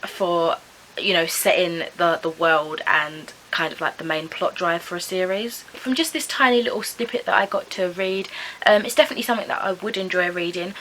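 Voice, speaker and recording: Bright-voiced chatty woman vlogger. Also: lowish voice, normal speed, a little hiss or hum, poor audio. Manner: chatty, rambling, heavy use of "like" and "kind of"; hedging, unsure of name pronunciations. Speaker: book vlogger. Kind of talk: casual book review vlog.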